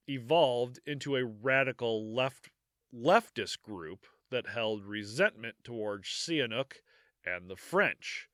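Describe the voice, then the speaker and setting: A man hosts a history podcast, reading his notes in a bright, cutting voice that swings up and down a lot. He stumbles, corrects himself and breaks off for jokey asides with a quick laugh. The sound is dry and close. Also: mid-range voice, no echo. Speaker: podcast host.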